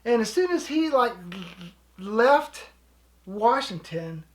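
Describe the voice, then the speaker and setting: A woman's voice: on the high side, sing-song, slow. A woman casually telling a story in a chatty, rambling way, with frequent restarts. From living in Alaska. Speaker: co-host.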